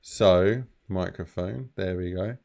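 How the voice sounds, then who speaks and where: Low gravelly man, laid-back. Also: slow, a little mellow. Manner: rambling, laid-back, lots of fillers. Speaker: game mod developer streaming. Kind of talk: casual live-stream chat.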